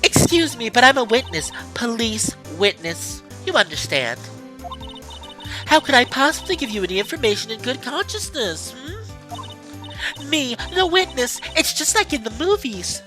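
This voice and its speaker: A man doing a coy, teasing young woman in falsetto. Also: very animated, a little slow, music in the background, heavily acted. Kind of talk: game let's play voice acting.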